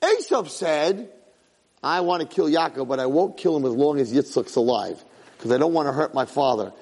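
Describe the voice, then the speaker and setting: A man giving an animated Torah class. He repeats phrases for emphasis and mixes Hebrew terms into his English. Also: medium pitch, moderate pace, in a large hall, poor audio. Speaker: Torah teacher. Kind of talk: Torah class on the weekly portion.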